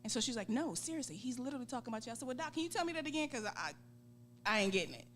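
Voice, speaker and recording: A woman in her forties with a Southern US accent, a guest on a talk show, telling a lively story and acting out voices. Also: fairly high pitch, very fast, soft background music. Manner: laughing, acts out voices in quotes. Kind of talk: animated storytelling. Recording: steady background hum.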